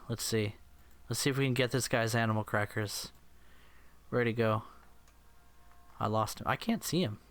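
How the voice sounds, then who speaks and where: A man's voice: mid-range voice, a bit bright, clear, resonant tone, dry recording. A man giving silly, rambling commentary while playing an air combat game, often slipping into mock voices. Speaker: gameplay commentator. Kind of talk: goofy gameplay commentary.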